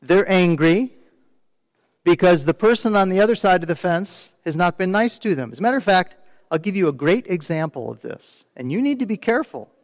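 Brisk and lively in intonation, a high-voiced pastor preaches conversationally, posing questions to the congregation and impersonating complainers in quoted asides. There's no room sound, yet a long reverb tail follows.

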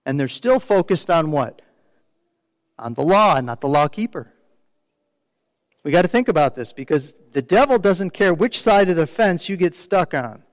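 A man's voice: fairly high pitch, sing-song, normal speed, dry recording, in a large hall. A man preaching a sermon in a conversational way, often asking the congregation questions and mimicking complainers. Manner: mimics complainers in quoted asides. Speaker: pastor.

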